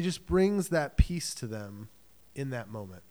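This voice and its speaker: A man preaching a sermon in a conversational, animated way, acting out the story in quick quoted voices. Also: a little high. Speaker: pastor.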